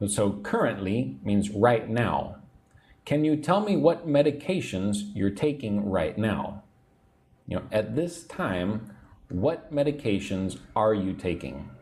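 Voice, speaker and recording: A man teaching an English lesson on a livestream, chatting, reading out viewer comments, and drilling words slowly. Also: fairly low pitch, big pitch swings, darkish tone. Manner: chatty, reads viewer comments aloud, slow drilled pronunciation.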